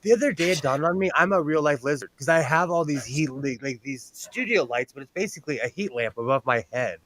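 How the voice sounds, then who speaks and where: A man's voice: on the high side, expressive, a little fast, a bit bright, no echo. A man hosting a casual chat while sewing, rambling and telling stories with animation. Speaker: host.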